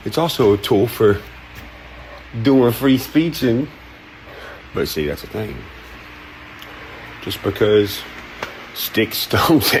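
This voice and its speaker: A man's voice: lowish voice, slight background noise. A man ranting casually in a vlog, profane, laid-back and rambling. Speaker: content creator.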